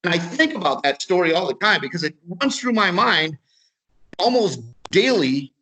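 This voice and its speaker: A man's voice: high-pitched, sing-song, moderate pace, bright, forceful tone, a little hiss or hum, poor audio. A man with an Upper Midwest American accent giving a webinar talk, telling a story in a casual way, repeating words and acting out both sides of a conversation. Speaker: webinar speaker. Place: video webinar.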